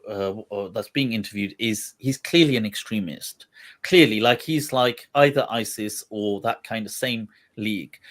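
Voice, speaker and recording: Guy hosting a livestream chat, thinks out loud, keeps restarting his sentences. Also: medium pitch. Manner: thoughtful, meandering, many restarts. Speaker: Islamic scholar, livestream host. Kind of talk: casual discussion on a livestream.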